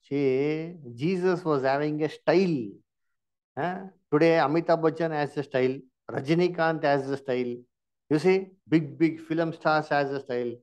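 A man's voice: on the high side, fairly even intonation, moderate pace, darkish tone. Indian guy running a bible study, keeps asking questions, pushy and emphatic. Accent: Indian English. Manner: questioning, emphatic, prompts with "huh?". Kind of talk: interactive Bible lesson.

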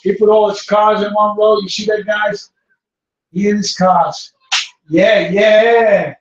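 A man's voice: sits high, steady tone, slow, muffled recording. A middle-aged man, hosting a casual live cooking stream and chatting to viewers in a rambling way. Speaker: cooking show host. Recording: echoey room, mic far off.

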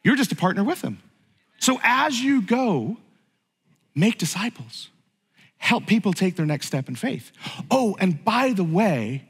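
A middle-aged pastor preaches to his church in the sanctuary, talking conversationally before rising to fervent exclamations. His high voice is animated, measured in pace and edged with breathiness, and the large hall adds a long reverb.

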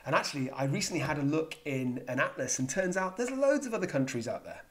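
Playful English psychiatrist vlogger. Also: male voice, a little high, big pitch swings, quick pace. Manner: playful, self-mocking, dad-joke humour. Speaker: psychiatrist and video host. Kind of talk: jokey explainer vlog.

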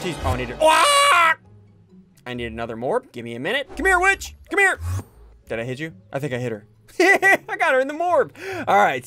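A man hosting a video game playthrough, chatting excitedly and playfully taunting the creatures he fights. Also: mid-range voice. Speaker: gaming video host. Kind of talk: Let's Play commentary.

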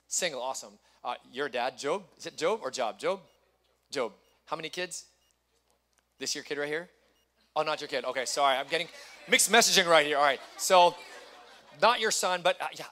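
A middle-aged man delivers a church sermon. His voice is bright and slightly high. He keeps it conversational and talks directly with the congregation. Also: moderate pace. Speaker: pastor. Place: church hall.

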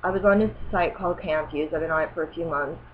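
A vlogger in her thirties tells a personal story in a low-pitched voice at a quick pace, rambling, correcting herself and growing indignant. The audio has its highs cut off and slight background noise.

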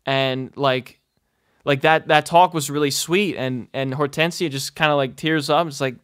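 A man's voice: fairly high pitch, fairly even intonation, moderate pace, fairly bright tone, clear, resonant tone, no room sound, studio quality. Casual, cursing young man ranting. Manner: profane, lots of fillers; frequent laughing asides. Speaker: game reviewer. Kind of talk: casual spoken rant.

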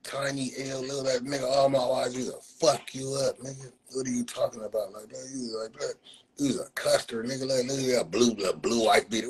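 A man from Los Angeles hosting a livestream, trash-talking and roasting a viewer loudly. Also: medium pitch, steady tone, a little fast, slightly rough. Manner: loud, profane, taunting. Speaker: livestream host. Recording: noisy phone livestream.

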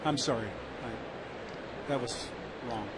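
A man's voice: mid-range voice, takes it slowly, very noisy. A man doing color commentary on a baseball game, easygoing and snacking while he talks. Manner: easygoing, eating while talking.

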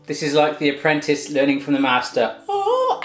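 A man's voice: a little high, flat delivery, normal speed, roomy sound, faint music behind. A man hosting a food taste test in a home kitchen, chatting casually with playful jokes. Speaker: host.

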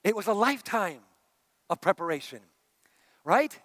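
Male pastor, middle-aged, high voice, conversational sermon, hushed to emphatic. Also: very animated, moderate pace, no echo. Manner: conversational preaching, swinging between hushed and emphatic.

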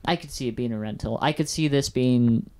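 A man's voice: mid-range voice, a little fast, a little mellow. Chatty male podcast host, casual review. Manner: rambling, filler-heavy, chatty.

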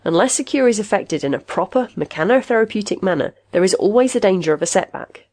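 A woman's voice: medium pitch, expressive, fast, a little mellow. A woman reading a story, voicing a stern, doubtful male company official who speaks formally.

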